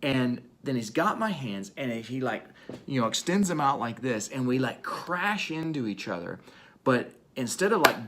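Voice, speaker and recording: Man, mid-pitched, recounting a spiritual encounter in a casual, vivid storytelling vlog. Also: fairly bright tone. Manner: vivid first-person storytelling. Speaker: church vlogger. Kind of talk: casual faith testimony.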